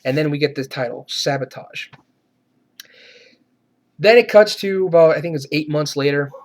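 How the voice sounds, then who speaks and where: A man's voice: a little high, normal speed. Sarcastic man ranting about a movie. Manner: profane, sarcastic ranting with ironic laughs. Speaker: movie reviewer. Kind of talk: profane movie rant.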